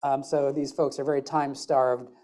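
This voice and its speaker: A woman with an American Midwestern accent speaks from a conference stage in a low, mellow voice. Her talk is chatty and loose, with self-deprecating jokes mixed into the business content. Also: level tone, normal speed.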